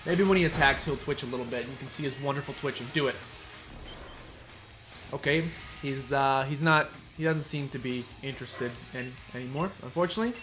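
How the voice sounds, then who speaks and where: A man's voice: medium pitch, brisk, a bit bright. A man giving casual, playful commentary while playing a video game, chatting and muttering asides. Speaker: let's play streamer. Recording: faint game music behind.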